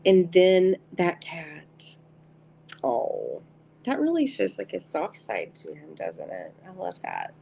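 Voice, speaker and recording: A woman's voice: lowish voice, huge pitch swings, slow pace, creaky, mellow, slight background noise, poor audio. A middle-aged woman hosting a live tarot stream, chatting casually and giggling as she greets viewers by name.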